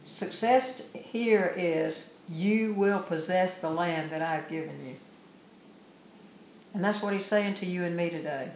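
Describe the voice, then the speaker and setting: Woman preacher, sermon delivery, lower register, reads verses aloud then explains them earnestly; echoey room recording. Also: a little slow, darkish tone, slight background noise. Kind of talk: sermon with scripture reading.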